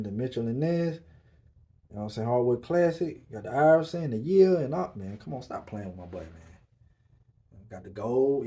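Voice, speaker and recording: A man chats casually as a podcast host, easygoing and full of slang and filler phrases. His voice sits at an ordinary pitch. He is recorded from a little way off the microphone. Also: a little mellow. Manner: laid-back, loose slang, filler-heavy. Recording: voice a bit far from the mic.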